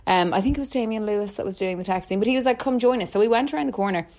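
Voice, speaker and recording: A woman's voice: mid-range voice, racing, a little mellow. A young woman, casually telling a long story and often saying "like" and laughing. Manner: chatty, full of "like", laughs often. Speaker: podcast co-host telling stories.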